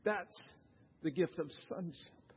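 The pastor's voice is fairly high, his pace slow, with slight background noise. Preaching in a church sanctuary, he addresses the congregation conversationally and asks them questions, heard through a dull, reverberant recording.

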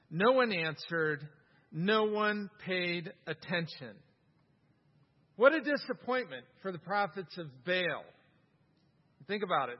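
Guy preaching, reads scripture all animated and jokey, kinda muffled lo-fi audio. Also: high-pitched. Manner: animated scripture reading, wry humor. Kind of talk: sermon. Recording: dull sound, long hall reverb.

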